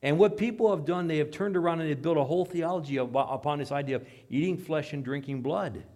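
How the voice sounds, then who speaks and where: Man, pastor, sermon, dramatic scripture reading, hushed asides, questions to the congregation. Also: on the high side, quick pace.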